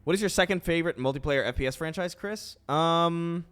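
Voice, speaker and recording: A young man chatting casually while gaming on stream, thinking out loud in a chatty way. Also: fairly high pitch, brisk, clear, resonant tone, faint music behind.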